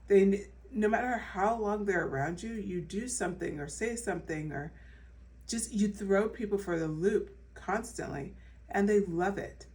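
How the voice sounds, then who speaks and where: A woman's voice: fairly low pitch, darkish tone, distant mic. A woman giving a casual pick-a-card tarot reading in a chatty, reassuring way, with many fillers and restarts. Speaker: tarot reader.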